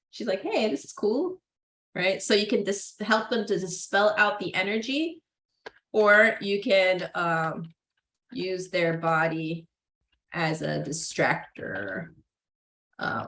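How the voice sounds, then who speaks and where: A young adult woman with a lowish, fairly bright voice gives a casual psychology lecture in a classroom, recorded with roomy echo. She's chatty, full of "like" and "right?", and acts out things parents say.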